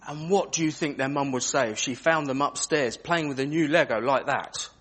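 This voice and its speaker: A man's voice: mid-range voice, moderate pace, breathy edge. A man leading an interactive children's talk in church, asking the children questions as he goes. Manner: animated, asks children questions.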